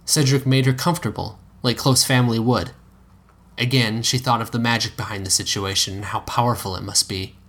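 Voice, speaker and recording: A man reading a piece of fan fiction aloud in a steady storytelling manner, now and then correcting himself. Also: medium pitch, fairly quick. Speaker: narrator.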